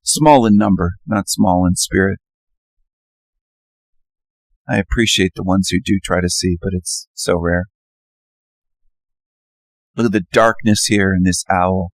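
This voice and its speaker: A man with a low-set voice monologues over a slideshow of images, circling back to the same phrases and jumping into loud, emphatic bursts. The sound is dry and close, with no room around it. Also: steady tone, a little slow, long pauses, no room sound. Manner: ranting, repetitive, emphatic bursts. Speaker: channel host.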